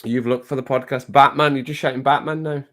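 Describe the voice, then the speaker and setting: A man's voice: mid-range voice, fairly even intonation, fast, background noise. A man chatting casually on a live stream, reading viewer comments aloud and laughing often. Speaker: music reaction streamer.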